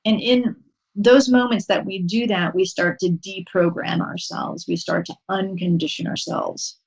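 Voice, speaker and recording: Lowish-voiced woman on a podcast, calm and patient, talking through steps slowly w/ some ums. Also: vocal fry, breathy edge, poor audio. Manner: calm, instructive, unhurried with frequent um pauses. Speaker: podcast guest, horse-assisted wellness coach. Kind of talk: explaining a mindfulness practice in a podcast interview.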